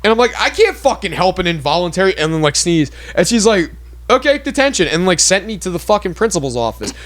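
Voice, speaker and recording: A man's voice: high-pitched, very animated, quick pace, dry recording. A young man telling a rambling, profane story on a casual podcast. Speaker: podcast host.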